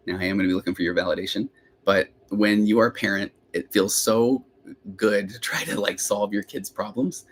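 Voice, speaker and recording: A middle-aged therapist hosts a live question-and-answer podcast, rambling chattily and often breaking off mid-thought to restart. His voice is on the low side, with a steady tone and a brisk pace.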